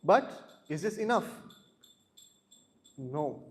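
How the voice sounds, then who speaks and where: A man's voice: fairly high pitch, very animated, takes it slowly. A man giving a scripture class, asking the listeners questions and telling stories, often repeating words. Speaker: class speaker. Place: temple hall. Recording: echoey hall.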